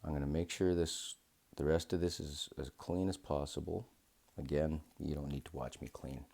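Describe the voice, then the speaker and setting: Very deep gravelly man muttering at work. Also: fairly even intonation, moderate pace, a little mellow. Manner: rambling, talks to himself, self-deprecating. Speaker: watch modding video host. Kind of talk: casual narration while working.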